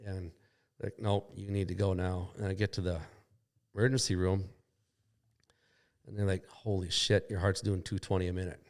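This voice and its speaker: With little pitch movement, a deep-voiced man talks at an ordinary pace. He's a podcast guest in a shop telling a long crash story in casual fashion. The telling rambles, turns profane, and acts out what everyone said.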